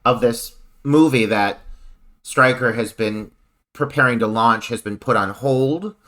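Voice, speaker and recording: A man on a podcast panel, talking about a film in an animated, opinionated way with laughter. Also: medium pitch, measured pace. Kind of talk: casual film discussion.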